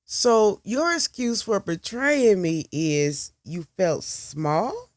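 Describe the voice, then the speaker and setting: Brief: a woman playing a wronged young woman, quiet and controlled, slow and blunt, dry close sound. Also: medium pitch, expressive, dry recording, pitched above the performer's own voice.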